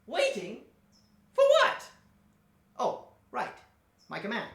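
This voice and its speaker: A woman's voice: mid-range voice, very animated, measured pace, fairly bright tone. A woman voicing a pompous, theatrical villain professor who insults her henchman. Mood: scheming. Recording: echoey room, distant mic.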